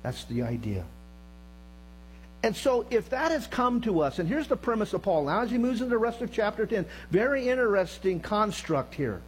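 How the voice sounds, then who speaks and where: A middle-aged man preaching a sermon as pastor, moving between loud emphasis and low hushed tones, with joking asides to the congregation. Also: very animated, moderate pace, a little hiss or hum, rough recording. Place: church sanctuary.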